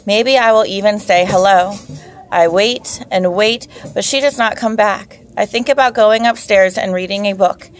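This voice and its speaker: A woman narrating a first-person children's story in a calm, measured way. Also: medium pitch. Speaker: audiobook narrator.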